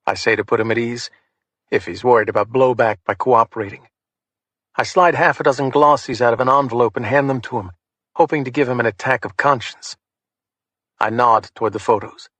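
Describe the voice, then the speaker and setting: A man narrating a crime thriller audiobook in the first person, steady and matter-of-fact. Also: medium pitch, brisk, no room sound.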